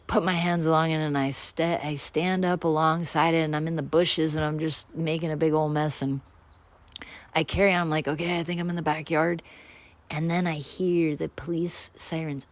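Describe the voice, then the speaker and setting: A woman's voice: deep voice, vocal fry, no echo. A woman hosting a radio show, telling a personal story in a rambling, candid, self-deprecating way with many restarts.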